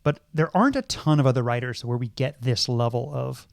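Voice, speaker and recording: A man's voice: mid-range voice, fairly quick, creaky, no echo, studio quality. A middle-aged man and podcast co-host, talking through films thoughtfully, with many ums and restarts. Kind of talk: casual film discussion.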